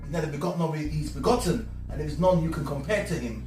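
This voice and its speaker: A man's voice: on the high side, fast talker, a little mellow. A man speaking as a guest in a religious discussion, earnest and emphatic like a preacher. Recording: echoey room, far from mic, music behind.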